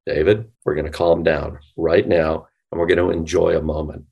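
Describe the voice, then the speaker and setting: A man putting on a calm, soothing late-night radio DJ voice. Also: gravelly, husky, dull audio, full character voice. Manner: slow, low and soothing.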